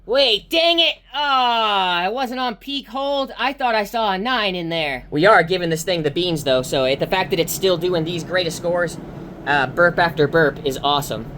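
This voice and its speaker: A woman vlogging car audio tests from inside a car, excitable and exclaiming to her viewers as she talks through the results. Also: fairly low pitch, moderate pace, slight background noise. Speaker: car audio enthusiast testing subwoofers. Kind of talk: excited vlog commentary.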